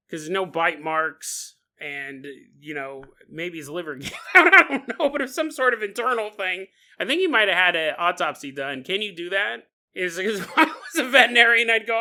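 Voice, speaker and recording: A man's voice: high-pitched, very animated, moderate pace, sharp tone. A man hosting a podcast, telling a story in a casual, jokey way with laughing asides and acted-out bits. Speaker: podcast host.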